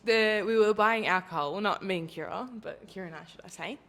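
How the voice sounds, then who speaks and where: A woman's voice: mid-range voice, fast talker, fairly bright tone. A young Australian woman co-hosting a podcast in casual chat, rambling and giggly with many fillers. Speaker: podcast co-host.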